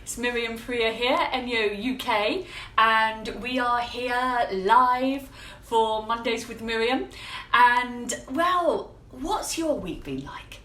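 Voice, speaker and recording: Greeting viewers by name, a chatty, upbeat woman hosts a live cleaning-product show streamed casually from her home kitchen. Her voice is a little high with a sharp tone, she speaks at a slow pace, and the room is echoey.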